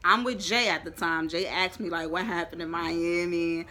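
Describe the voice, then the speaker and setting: A young woman telling a storytime in a lively, profane, emphatic way. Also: lowish voice, moderate pace, a little hiss or hum. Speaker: vlogger. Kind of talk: storytime chat.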